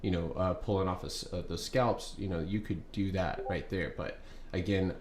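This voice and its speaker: Deep-voiced guy chatting stock trades, lots of "you know"s, echoey room with faint hiss. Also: steady tone, normal speed, a little mellow. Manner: loose and filler-heavy, restarts often. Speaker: stock trading streamer. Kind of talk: casual trading talk.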